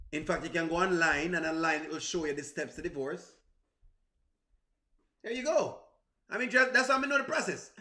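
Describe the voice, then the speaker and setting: Jamaican guy on a livestream chatting w viewers, high bright voice, laughs a lot, echoey room. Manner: chatty, laughs often, exclaims to himself. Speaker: livestream host. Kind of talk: casual livestream chat answering viewers.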